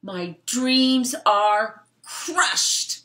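A woman voicing a male fly trapped in a vacuum cleaner, talking in a slow, melodramatic, mournful way while reading a storybook aloud. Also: fairly high pitch, expressive, sharp tone, voice pushed up, heavily acted. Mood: despairing.

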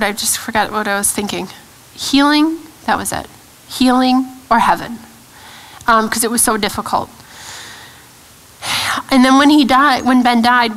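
A woman in her thirties giving a personal testimony at a church event, earnest and halting, with frequent restarts and fillers. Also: fairly high pitch, a bit bright, poor audio. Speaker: guest speaker.

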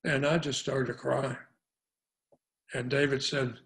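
A man's voice: mid-range voice, unhurried, gravelly. An older man from Arkansas, a guest actor in an interview, telling long anecdotes and acting out the lines of the people in them. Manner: animated storyteller, acts out quoted dialogue.

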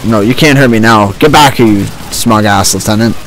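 A man's voice: lowish voice, brisk, fairly bright tone, slight background noise. A man hosting a let's-play, giving joking, sarcastic running commentary into a home desk mic with a homemade pop filter. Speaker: gaming channel host. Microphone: home desk mic with a homemade pantyhose pop filter.

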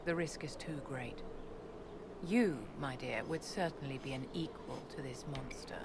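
A woman's voice: very deep voice, unhurried, vocal fry, full character voice. An actress voicing a poised, imperious female court enchanter in a video game, with formal and condescending diction. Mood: regal, aloof. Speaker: game character. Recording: game audio with background noise.

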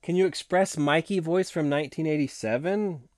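Hoarse chatty man hosting a live stream. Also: fairly high pitch, moderate pace, a little mellow, dry recording, studio quality. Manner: chatty, rambling, laughs often. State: hoarse from long talking. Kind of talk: casual live-stream chat.

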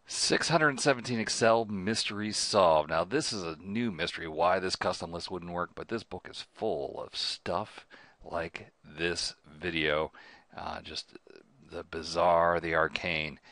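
Low-voiced man explaining spreadsheets. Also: a little slow, fairly bright tone, no room sound, clean studio sound. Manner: chatty, says "right?" often, mildly exasperated asides. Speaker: host. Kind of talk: spreadsheet tutorial.

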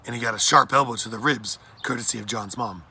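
A man reading a children's adventure story aloud in a plain, steady narration. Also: mid-range voice, fast, vocal fry, slightly rough. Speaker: audiobook reader.

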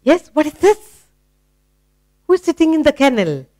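A woman with an Indian English accent teaching children phonics, asking questions, praising and sounding out letters slowly. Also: high-pitched, sing-song, darkish tone, dry recording. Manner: asks questions and praises the listener.

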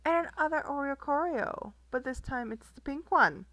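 A woman's voice: high voice, lively intonation, normal speed, fairly bright tone, no room sound. A young woman casually chatting as she opens trading card packs, giggling often and reading card names aloud. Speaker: card collector vlogger. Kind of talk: casual unboxing chat.

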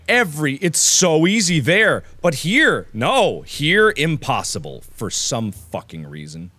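High, wildly animated frustrated gamer man. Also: slow, hardly any pauses. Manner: loud, exasperated, swears freely, with sudden yelling outbursts. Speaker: let's play host. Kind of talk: video game commentary.

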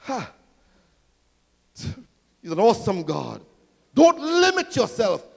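A man preaching a rousing sermon as pastor, swelling to near-shouting and calling out questions to the congregation. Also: high-pitched, huge pitch swings, slow, gravelly, big-room sound. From Trinidad and Tobago. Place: large church hall.

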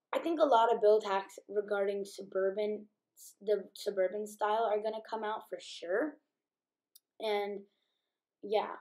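A woman giving casual game commentary as a gaming YouTuber, chatty and filling pauses with um and like, sleepy from just waking up. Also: medium pitch, darkish tone. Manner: chatty, many ums and likes.

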